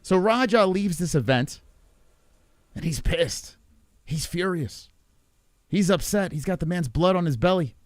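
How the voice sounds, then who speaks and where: A man hosting a livestream, loud and profane, reacting to a clip and talking to his chat. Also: high-pitched, expressive, unhurried, long pauses, no echo, clean studio sound. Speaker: livestream host. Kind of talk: casual livestream commentary.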